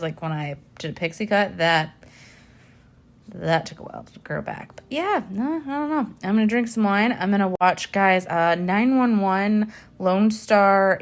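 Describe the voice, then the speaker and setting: A woman vlogger chatting casually to her viewers, rambling with lots of fillers and laughs. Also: mid-range voice. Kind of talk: casual chat.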